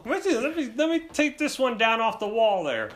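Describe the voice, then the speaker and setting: A man voicing a flustered, exasperated bearded dad who rambles on without pause. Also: very high-pitched, very animated, pitched above the performer's own voice.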